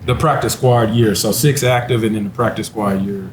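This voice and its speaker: A former NFL running back from Texas, in his thirties, serves as a panelist at an indoor wine bar and spins a long personal story in a laid-back, conversational way, laughing often. His voice is fairly low and steady at a fairly quick pace, and the roomy recording carries a faint hum of the venue.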